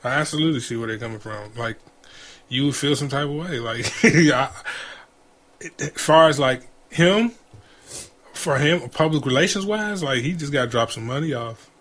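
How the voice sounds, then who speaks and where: A man co-hosting a relaxed podcast conversation. He talks loosely, in slang, circling back and repeating himself as he makes his point. His voice sits at an ordinary middle pitch. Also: normal speed. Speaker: podcast co-host. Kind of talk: casual chat.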